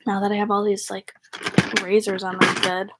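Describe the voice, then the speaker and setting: A woman's voice: medium pitch, monotone, moderate pace, very noisy. A young woman from the northern United States chatting casually to viewers on a livestream, rambling and giggly. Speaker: vlogger.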